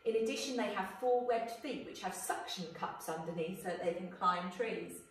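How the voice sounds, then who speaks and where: Woman, schoolteacher, clear explaining voice, asks pupils questions, roomy echo. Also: mid-range voice, normal speed, distant mic. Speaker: primary school teacher. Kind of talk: recorded video lesson. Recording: echoey room, voice off-mic.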